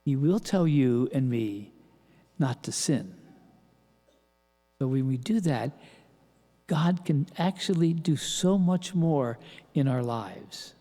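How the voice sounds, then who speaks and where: An older man preaching a sermon as pastor, halting with restarts and rhetorical questions. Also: medium pitch, expressive, mellow. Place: large church. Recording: long church reverb.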